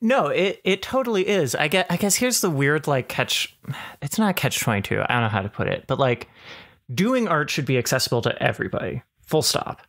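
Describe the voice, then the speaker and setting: A man co-hosting a casual podcast chat, thinking aloud in halting sentences with many restarts. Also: a little high, sing-song, vocal fry, fairly bright tone. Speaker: podcast co-host.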